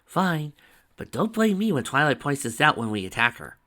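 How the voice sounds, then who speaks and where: A pushy young pony mare who wants things done her way, her voice lifted high and tense. A man acts her out while reading the story. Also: sing-song, moderate pace, pushed and bright. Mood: impatient. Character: young female pony, blunt and impatient.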